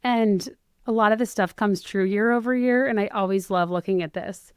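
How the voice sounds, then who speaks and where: A woman in her thirties with a hoarse voice, hosting her own podcast in a chatty, self-deprecating, rambling way. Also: mid-range voice, moderate pace, no echo, studio quality. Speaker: podcast host. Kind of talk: casual solo podcast chat.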